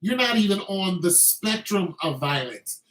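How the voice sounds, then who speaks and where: Army vet guy just chatting, bit of a higher voice, lots of filler, roomy echo. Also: animated, measured pace, a bit bright. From Braddock, Pennsylvania. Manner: loose, conversational, heavy on filler phrases. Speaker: army veteran vlogger. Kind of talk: casual commentary monologue.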